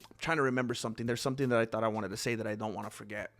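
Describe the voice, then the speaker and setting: A man hosting a casual commentary stream, rambling and animated, often acting out quotes. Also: on the low side, racing, faint music behind. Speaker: host.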